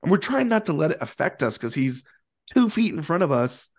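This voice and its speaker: A man telling a long story in a casual, animated way, with plenty of fillers and acted-out quotes. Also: fairly high pitch, a little fast. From Indianapolis area, USA. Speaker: guest musician.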